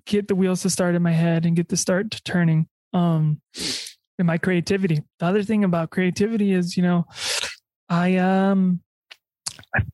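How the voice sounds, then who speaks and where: A young woman chats casually as a podcast host, her voice sitting a little low. She rambles, restarting sentences and leaning on fillers. Her voice sounds close and dry, with no room around it. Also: mellow, dry recording.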